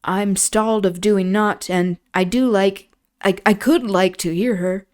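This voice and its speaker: A woman voicing an awkward young countryman who speaks in halting rustic dialect. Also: mid-range voice, fairly even intonation, a little mellow, lightly acted. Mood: sheepish. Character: awkward rough young countryman, shy and sullen.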